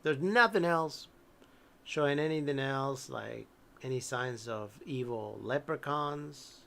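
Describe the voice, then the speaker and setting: A game master narrating a tabletop horror game at a relaxed, hesitant pace, often restarting sentences. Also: mid-range voice, slow pace, creaky.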